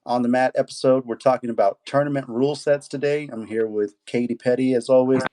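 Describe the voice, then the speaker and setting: Laid-back coach guy hosting a podcast, warm dark voice, easygoing and chatty. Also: mid-range voice, steady tone, fairly quick, a little hiss or hum. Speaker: jiu jitsu coach and podcast host. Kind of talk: casual podcast chat.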